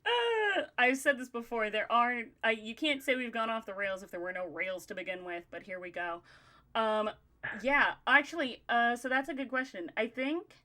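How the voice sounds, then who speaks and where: A woman's voice: on the high side, expressive, normal speed, bright, forceful tone. A woman hosting a podcast in casual chat, talking in loose, rambling runs and laughing often. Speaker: podcast host.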